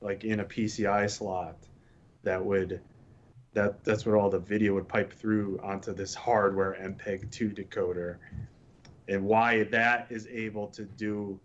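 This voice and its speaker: Low voice guy explaining pc hardware, stumbles a bit, muffled lo-fi mic. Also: level tone. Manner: halting, explains with examples. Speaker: podcast co-host. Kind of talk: casual tech chat.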